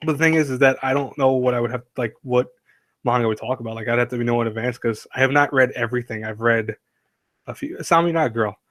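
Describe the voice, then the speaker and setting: A man's voice: medium pitch, fast, fairly bright tone, no echo, clean studio sound. A man hosting a casual live stream, rambling and chatty, laughing often and reading chat aloud.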